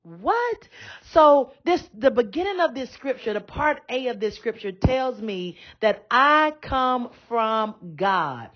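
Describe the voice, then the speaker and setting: A woman's voice: a little high, expressive, slow pace, few pauses, dull audio. Woman preaching on a podcast, down-to-earth. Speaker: bishop. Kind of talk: podcast sermon.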